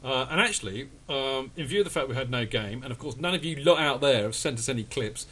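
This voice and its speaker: A man's voice: mid-range voice, lively intonation, fast, bright, forceful tone. A man hosting a casual football fan podcast, chatty and rambling, with many restarts and fillers. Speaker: podcast host.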